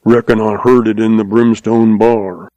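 A man's voice: lowish voice, level tone, a little slow, mellow, dry recording, natural voice. A man voicing a surly, hulking ranch foreman who speaks in a sour mutter.

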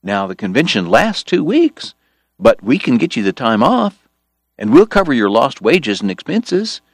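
A man voicing an earnest, smooth-talking male political organizer who talks eagerly and persuasively. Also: mid-range voice, very animated, a little slow, no room sound, studio quality, voice pushed up. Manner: eager, persuasive, bright-toned.

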